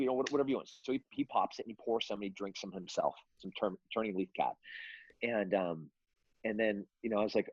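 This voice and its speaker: Middle-aged man, husky low voice, rambling casual storytelling, dry dull sound. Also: fast talker, a little mellow, no room sound. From California. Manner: rambling, many fillers and restarts. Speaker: guest.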